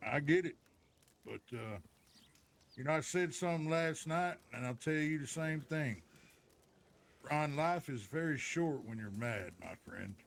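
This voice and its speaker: Calm, gravelly old ranch hand, played by a man, steady Western drawl. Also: on the high side. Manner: slow folksy drawl, steady and reasoning. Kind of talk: Western role-play.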